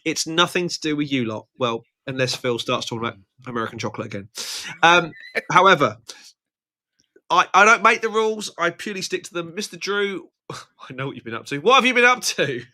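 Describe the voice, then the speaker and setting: Very animated and high-voiced, this British show host speaks at a moderate pace with a bright, forceful tone. He's running a casual live-stream chat, teasing playfully and laughing a lot despite being tired from too little sleep.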